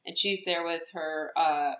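A woman's voice: sits low, steady tone, a little slow, fairly bright tone. A woman podcast host recapping a movie plot in casual chat, rambling, with many fillers and restarts. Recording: echoey room, muffled lo-fi sound.

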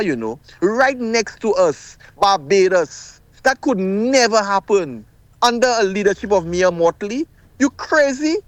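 A man's voice: high voice, no echo. A middle-aged man, calling in to a radio talk show with impassioned, emphatic speech that often repeats itself. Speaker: caller.

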